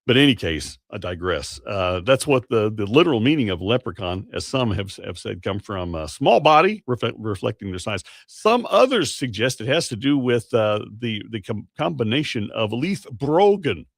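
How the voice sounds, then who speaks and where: A man's voice: fairly low pitch, very animated, normal speed, vocal fry, few pauses, dry recording, studio quality. A man hosting a morning radio show, chatting in a rambling, self-correcting way. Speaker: radio host. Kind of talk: casual morning radio talk. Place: radio studio. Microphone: studio microphone.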